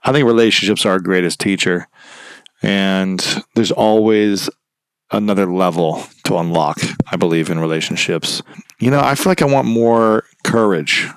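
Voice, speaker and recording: A man's voice: deep voice, moderate pace, clean tone, dry recording. A man speaking as a podcast guest, candid and self-reflective, sometimes rambling as he thinks aloud. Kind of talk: conversational interview.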